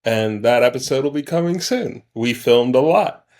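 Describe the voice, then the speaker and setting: A man's voice: mid-range voice, expressive, normal speed, darkish tone. A man from Wisconsin, a guest on a podcast, talking in a reflective, thoughtful way in casual chat.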